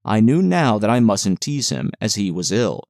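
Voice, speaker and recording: Low-voiced man reading a classic novel. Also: very animated, moderate pace, creaky, a little mellow, no room sound, clean studio sound. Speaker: audiobook narrator. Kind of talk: scripted narration of a classic novel.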